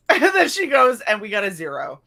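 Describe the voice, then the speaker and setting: Young woman cohost, high bright voice, animated and swears a lot telling stories. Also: a little fast, gravelly. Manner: animated, swears freely, acts out quotes. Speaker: stream co-host. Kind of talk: casual storytelling chat.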